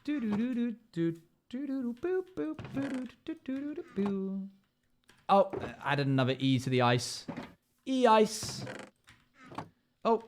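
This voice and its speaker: A man's voice: medium pitch, big pitch swings, slow, long pauses, a little hiss or hum. A man streaming a game live, chatting casually with his viewers, reading their comments aloud and humming little tunes as he builds. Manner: hums and scats tunelessly while building. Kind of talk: casual live-stream chat while playing.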